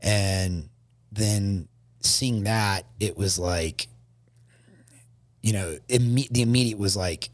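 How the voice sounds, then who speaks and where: A man, a podcast guest, shaken and emotional, telling his story haltingly with many restarts. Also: on the low side, no echo.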